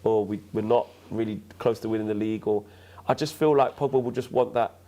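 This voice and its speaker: A man hosting a casual football chat, relaxed and thinking aloud with frequent restarts. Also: fairly low pitch, a little fast. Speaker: host.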